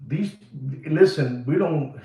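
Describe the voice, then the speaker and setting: Taking it slowly in a mellow, slightly high voice, a watch seller hosting a livestream goes on an animated rant, repeating himself with emphasis and mixing in Spanish phrases, all in a roomy-sounding space.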